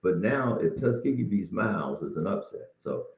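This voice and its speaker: This middle-aged man's voice is low-pitched and gravelly, with lively intonation and a moderate pace, plus a little hiss or hum in the background. Hosting a casual solo podcast, he's folksy, encouraging and slightly out of breath, often restarting. The recording is roomy, dull and lo-fi.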